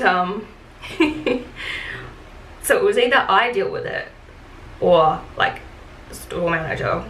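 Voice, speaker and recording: A woman rants casually about her retail job in a get-ready-with-me style, frank and chatty, full of fillers and swearing. Her fairly low voice is bright and forceful, recorded in an echoey room with faint ambience and slight background noise.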